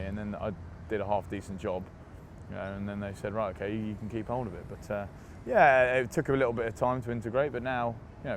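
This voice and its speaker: A young man being interviewed, telling lively anecdotes in a casual, laughing way, recorded outdoors. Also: fairly low pitch, background noise. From England. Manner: chatty, laughing, animated anecdotes. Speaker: interview guest, rugby player.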